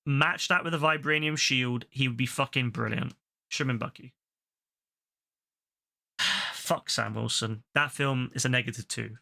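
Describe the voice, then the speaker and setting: Bright-voiced man ranting. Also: mid-range voice, creaky. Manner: heated, profane, repetitive ranting. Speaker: streamer. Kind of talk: casual rant while gaming.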